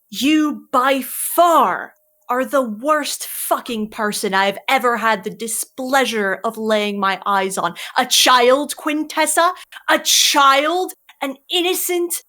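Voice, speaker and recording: During a tabletop role-play, a woman voicing the character Curling narrates her actions and sternly scolds another character with profanity. Her voice is fairly high with a sharp tone.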